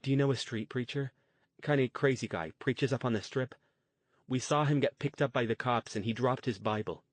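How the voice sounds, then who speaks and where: A man's voice: mid-range voice, normal speed, no echo, pitched above the performer's own voice, close to an everyday voice. A man voicing a young female magic student who speaks casually and forthright. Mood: curious.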